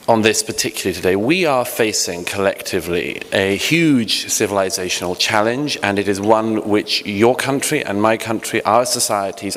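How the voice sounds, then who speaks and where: A man's voice: on the low side, fairly bright tone. A British man giving a conference panel speech, earnest with hesitant restarts and wry humor, into a podium microphone. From Britain. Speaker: panel speaker. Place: large hotel conference hall. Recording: echoey hall, faint ambience.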